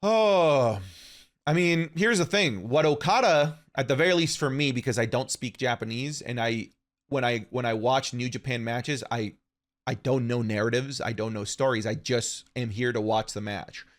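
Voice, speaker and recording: A man's voice: medium pitch, moderate pace. A man co-hosting a casual podcast, giving rambling, opinionated takes with frequent restarts. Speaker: podcast co-host. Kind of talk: casual wrestling podcast chat.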